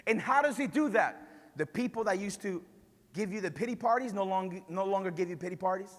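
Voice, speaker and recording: Man, pastor, Spanish-accented English, very high voice, passionate sermon, long hall reverb. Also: lively intonation, a little fast. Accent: Spanish-influenced English. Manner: passionate, builds to shouting, conversational asides.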